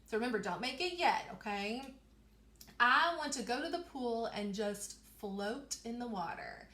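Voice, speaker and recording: A woman's voice: on the high side, animated, bright, forceful tone. Encouraging woman teacher in an echoey room. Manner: slow, stretched-out sounding of letters; encouraging, repeats words for children. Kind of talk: guided reading lesson for young children.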